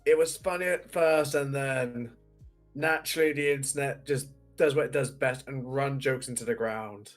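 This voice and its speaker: A man's voice: mid-range voice, normal speed, soft background music. A man with a Bristolian accent co-hosting a casual chat, rambling and restarting often. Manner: rambling, many restarts and fillers. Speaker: co-host.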